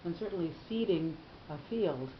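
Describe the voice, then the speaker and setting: A woman in a class, reading a passage aloud and commenting in a quick, soft-spoken way. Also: on the low side, animated, a little hiss or hum. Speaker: class participant. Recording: roomy, muffled, off-mic class recording.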